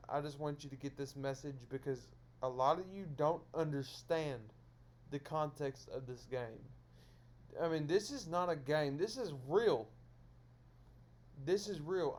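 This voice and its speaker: A man lecturing his viewers in a solo stream monologue, scolding them over and over in repetitive phrases. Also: a little high.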